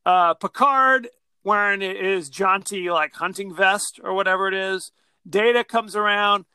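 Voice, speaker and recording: A man co-hosting a podcast, chatting casually about a film and acting out scenes in quick mock voices. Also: sits high, sharp tone, smooth, dry recording. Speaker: podcast co-host. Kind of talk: casual movie discussion.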